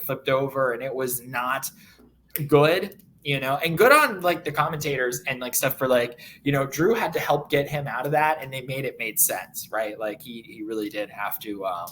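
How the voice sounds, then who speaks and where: A man's voice: medium pitch, fairly bright tone. Guy rambling thru his wrestling take, mid voice, faint hiss behind. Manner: rambling, many fillers and restarts. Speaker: podcast co-host. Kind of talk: casual analysis chat.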